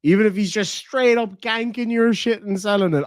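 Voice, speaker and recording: A man's voice: sits high, moderate pace, hardly any pauses, dry recording, studio quality. A man with an Irish accent giving profane, mocking reaction commentary on a stream.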